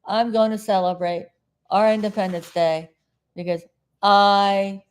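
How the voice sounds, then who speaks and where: A woman's voice: mid-range voice, fairly even intonation, measured pace, clear, resonant tone. A middle-aged woman from South Florida hosting a casual live stream, chatting in a meandering way and often losing her train of thought.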